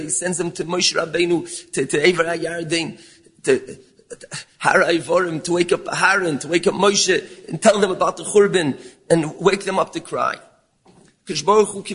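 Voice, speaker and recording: A man giving a sermon, mixing English with Hebrew and Yiddish terms, dropping low and then rising into pleading calls. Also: fairly bright tone, slightly rough. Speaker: rabbi giving a talk. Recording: long hall reverb.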